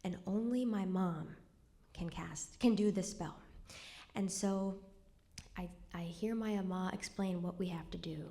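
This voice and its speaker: On stage at a cultural center, a young woman recounts a true story from her life in a wry, conversational manner, dropping almost to a whisper when things turn somber. She speaks at a measured pace with a dark tone, pitched on the low side.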